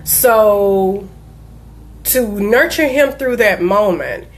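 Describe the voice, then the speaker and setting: An earnest, emphatic woman speaks as a coach in a mid-range voice, repeating key points with conviction. She shifts between steady advice and heartfelt storytelling. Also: medium pitch, very slow. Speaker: diabetes life coach. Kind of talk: personal motivational talk.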